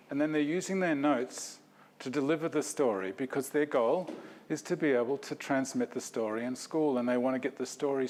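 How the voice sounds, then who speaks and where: A man's voice: medium pitch, darkish tone. A man giving an academic talk, reflective and self-deprecating, in a lecture hall.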